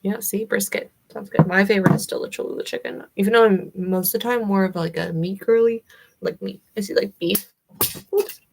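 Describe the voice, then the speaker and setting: A woman's voice: mid-range voice, fairly even intonation, fairly quick, gravelly, a little mellow. A young adult woman with a Southern US accent, chatting casually with livestream viewers in a rambling, giggly way with lots of fillers. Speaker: livestream host.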